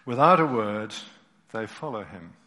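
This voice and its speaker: A man preaching a sermon, reading a story aloud and explaining scripture, expressive and dropping his voice low at tender moments. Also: measured pace. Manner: expressive, dropping to near-whispers at moving moments. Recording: reverberant hall.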